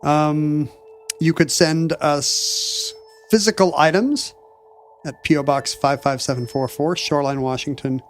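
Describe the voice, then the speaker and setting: A man's voice: fairly high pitch, a little slow, slight background noise. A man co-hosting a podcast in casual chat, reading listener mail with dry asides. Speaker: podcast co-host.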